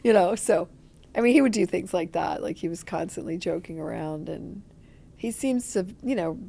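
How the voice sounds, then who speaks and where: Chatty actress telling lively stories. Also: female voice, fairly low pitch, normal speed, vocal fry. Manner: animated storyteller, acts out quotes. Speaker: actress guest. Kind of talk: casual interview chat.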